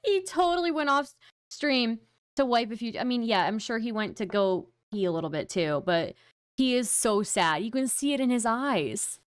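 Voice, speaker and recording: A woman streamer giving excitable, mocking reaction commentary, laughing often and swearing casually. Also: on the high side, normal speed, clean tone, no room sound, clean studio sound.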